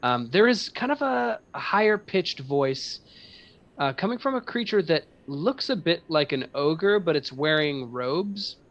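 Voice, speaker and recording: Male game master, upper-mid voice, relaxed and filler-heavy. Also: on the high side, a little slow, dull audio. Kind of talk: narrating a tabletop game.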